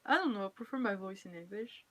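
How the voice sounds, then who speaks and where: A young French woman, a cosplayer streamer with a French accent, chats casually on a live stream in a mid-range voice that is expressive and fast. She's playful, laughs often, and teases her viewers.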